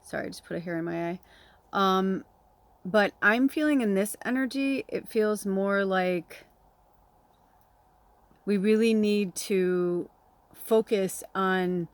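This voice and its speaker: A woman's voice: medium pitch, no echo. Chatty woman spiritual reader, rambling. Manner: rambling, chatty, laughs often, swears casually; emotional, near tears. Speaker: tarot reader and medium. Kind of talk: casual spiritual vlog chat.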